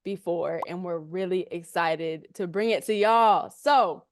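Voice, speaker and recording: A playful, teasing woman hosts a casual podcast chat with a smooth, resonant voice. The sound is dry and close, with no room echo. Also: lowish voice, unhurried. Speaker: podcast host. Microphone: remote call.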